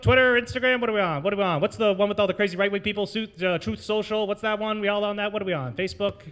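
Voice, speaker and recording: High, bright-voiced rambling comedy host. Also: male voice. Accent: American. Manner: rambling, crowd-working, self-mocking. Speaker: open mic host and comedian. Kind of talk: stand-up comedy set. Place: brewery taproom.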